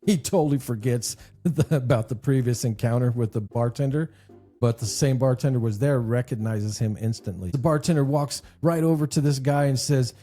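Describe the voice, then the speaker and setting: Mellow husky man telling stories. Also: medium pitch, normal speed, faint music behind. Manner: rambling storyteller, laughs at own jokes. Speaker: podcast co-host. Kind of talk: casual chat and joke telling.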